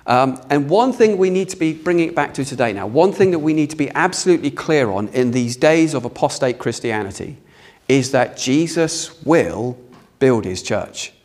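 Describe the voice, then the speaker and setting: A man's voice: medium pitch, animated, normal speed, darkish tone. A British man preaching a sermon in a conversational way, asking the congregation questions. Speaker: pastor. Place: church hall with a congregation.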